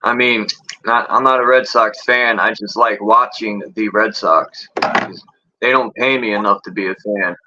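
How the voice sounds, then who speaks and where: A man's voice: fairly low pitch, fairly even intonation, measured pace, sharp tone, dull audio. An American man hosting a live voice chat, joking loosely and swearing casually. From United States.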